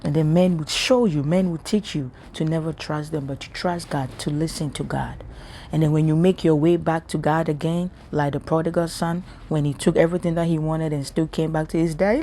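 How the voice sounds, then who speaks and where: A woman's voice: low-pitched, fairly even intonation, brisk, dark tone, slight background noise. Impassioned woman preaching to camera. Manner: earnest, impassioned, repetitive. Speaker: spiritual vlogger. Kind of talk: emotional preaching monologue.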